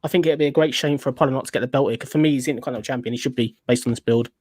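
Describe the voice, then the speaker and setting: Rapid-fire man chatting. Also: mid-range voice, a little mellow, dry recording, clean studio sound. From United Kingdom. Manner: fast, chatty, self-interrupting. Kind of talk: casual chat.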